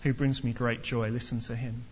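A man voicing a solemn divine voice from a cloud, slow and grave. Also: mid-range voice, level tone, highs cut off, slight background noise, pitched below the performer's own voice, natural voice.

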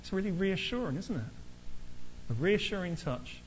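A man preaching a sermon in a lively storytelling manner, acting out the people in the story. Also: high-pitched, unhurried, dull audio, slight background noise. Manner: lively storytelling, acts out characters.

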